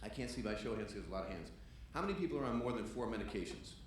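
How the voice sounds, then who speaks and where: A man performing a stand-up comedy set on a club stage, acting out dialogue and shouting his punchlines. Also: lowish voice, expressive, very fast, very noisy. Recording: roomy club sound with audience laughter. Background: audience laughter.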